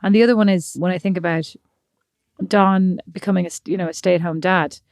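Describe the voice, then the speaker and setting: A woman's voice: on the low side, steady tone, brisk, darkish tone, no echo, studio quality. Teasing Irish woman podcast co-host. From Ireland. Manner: reflective, teasing. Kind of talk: casual chat.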